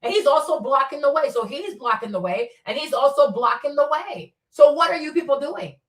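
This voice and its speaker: A woman's voice: high-pitched, animated, a little fast, echoey room, recorded from a distance. A woman streamer commenting on footage in a casual, insistent way, repeating herself as she points out details step by step.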